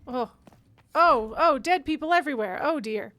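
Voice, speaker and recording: A woman's voice: high-pitched, animated, moderate pace, fairly bright tone. A woman streaming a video game, chatting to herself and chat as she plays and laughing often. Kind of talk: casual let's-play commentary.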